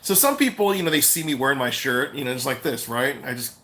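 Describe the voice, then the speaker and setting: Excitable man telling stories, bright voice. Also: mid-range voice, fast talker. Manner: animated, excitable, retells stories in quoted voices. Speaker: YouTube vlogger. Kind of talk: casual livestream storytelling. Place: indoors, livestream.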